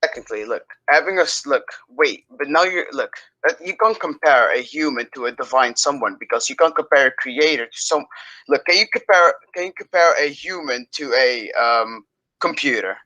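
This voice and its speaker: A man's voice, bright and a little tense, stumbling through his points with restarts and false starts. It sounds dry, with no room echo. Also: medium pitch, lively intonation, dull audio. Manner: halting, flustered, many restarts.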